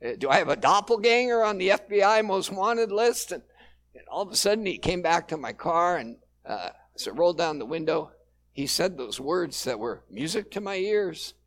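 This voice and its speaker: A male pastor preaching a sermon in a relaxed, conversational storytelling way, with frequent fillers. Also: sits high, normal speed.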